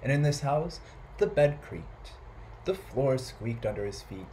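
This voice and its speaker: A man reads a children's story aloud for a library storytime. His pitch swings widely as he tells it, and he throws in playful animal noises and sound effects. The delivery stays animated throughout. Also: measured pace, slight background noise, low-quality recording.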